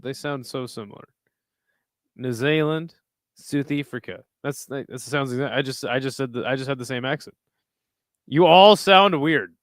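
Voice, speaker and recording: A man's voice: medium pitch, a bit bright, no room sound, clean studio sound. A man hosting a casual livestream, bantering with chat in a profane, joking way. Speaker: livestream host.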